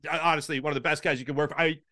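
Bright, lively man telling a sports story. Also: rapid-fire, dry recording, clean studio sound. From Philadelphia. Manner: animated storyteller, acts out quotes with big pitch jumps. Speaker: podcast guest, sports broadcaster. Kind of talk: casual storytelling chat.

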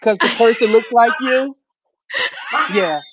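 A man hosting a casual live-stream interview, talking in an excited, slangy way. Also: very high-pitched, takes it slowly. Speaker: host. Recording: dull audio with loud noise.

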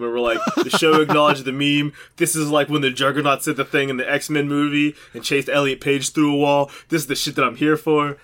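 A man's voice: a little high, level tone, a little fast, hardly any pauses, fairly bright tone. Man, podcast co-host, casual chat, joking, rambling, fillers.

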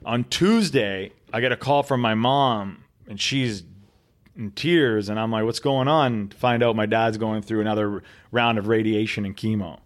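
A man in an interview, telling his story earnestly with dramatic pauses and repeated words. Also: lowish voice. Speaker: podcast guest.

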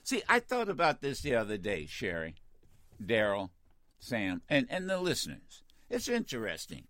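A man's voice: on the high side, sharp tone, no echo, clean studio sound. An older man hosting a call-in radio talk show, blunt, fiery and profane with callers. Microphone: studio microphone.

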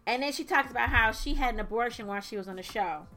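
Animated woman recapping a show. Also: on the high side, fast, soft background music. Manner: animated storyteller, voices quotes dramatically. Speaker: podcast co-host. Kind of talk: casual chat, recapping a reality show.

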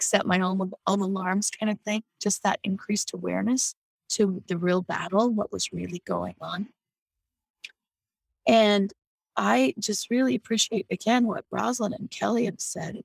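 A woman's voice: mid-range voice, gravelly, slightly rough, no echo, rough recording. A woman on a video call from her home, sharing her faith in an earnest, reflective way and often restarting her sentences. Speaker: guest on a faith discussion call. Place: home near an air base.

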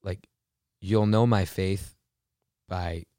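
A man's voice: low voice, fairly even intonation, extremely slow, warm tone, dry recording, clean studio sound. A man co-hosting a podcast, talking in a casual, reflective and thoughtful way. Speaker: podcast co-host. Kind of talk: casual chat.

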